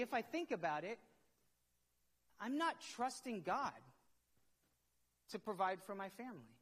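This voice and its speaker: Middle-aged pastor in a reverberant hall. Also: male voice, high voice, expressive, a little slow, long pauses, a bit bright, slightly rough. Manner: conversational, self-questioning, repeats words when worked up. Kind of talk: sermon.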